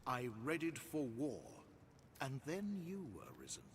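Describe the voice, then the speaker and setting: An actor playing a solemn duke, giving slow, weighty royal speeches. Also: male voice, medium pitch, huge pitch swings, slight background noise. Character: solemn duke, ruler readying for war.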